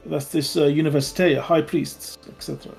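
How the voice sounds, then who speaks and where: A man's voice: a little high, fairly even intonation, a little fast, creaky, a little mellow, soft background music. A man voicing a worldly male adventurer who craves wine and calls everyone his friend. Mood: wry.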